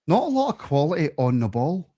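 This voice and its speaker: A man's voice: fairly high pitch, sing-song, a little fast, dark tone, no echo. A man co-hosting a casual football podcast, chatting and asking his co-host questions. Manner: conversational, asks questions.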